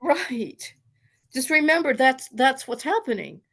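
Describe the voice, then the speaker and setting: A woman in an online study group tells a personal story over a video call, her high, slightly bright voice very animated yet unhurried. She's earnest and rambling, restarting her sentences again and again.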